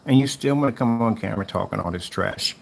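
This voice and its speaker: Fast and gravelly, a lowish male voice taunts a rival seller in a mocking callout rant, repeating himself as he goes. The YouTuber's clip carries a faint hiss or hum.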